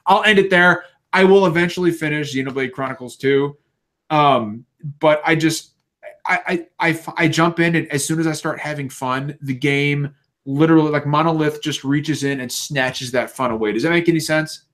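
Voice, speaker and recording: Male podcast co-host, fairly high voice, animated ranty delivery, heavy swearing. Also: moderate pace. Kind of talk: casual chat.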